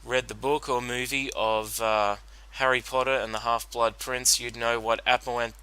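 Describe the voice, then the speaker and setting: A man's voice: medium pitch, level tone, moderate pace, pushed and bright, clear, resonant tone, poor audio. A man giving a solo commentary on a cartoon episode, rambling with many fillers and restarts. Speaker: reaction commentator.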